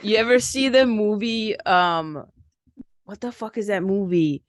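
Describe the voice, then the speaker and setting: A woman's voice: medium pitch, lively intonation, measured pace, no room sound, clean studio sound. A woman joining a casual podcast chat, making laid-back joking asides.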